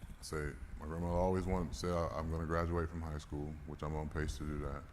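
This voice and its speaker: A conference speaker with a bass voice talks fast in a level, darkish tone, telling a candid and emotional story. He swears and laughs now and then, and the large hall gives a reverberant sound with faint noise.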